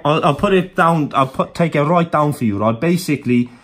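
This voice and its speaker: A man's voice: on the high side, brisk, fairly bright tone. A man putting on a Cardiff Welsh accent to play a stressed middle-aged male landlord on a prank phone call. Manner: flustered, repeats himself, keeps saying mate.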